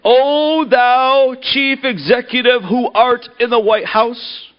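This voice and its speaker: A man voicing a stout, pompous man in a tuxedo who speaks in loud, archaic, flowery phrases. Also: extremely high pitch, fairly even intonation, slow pace, voice pushed up. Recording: dull lo-fi recording.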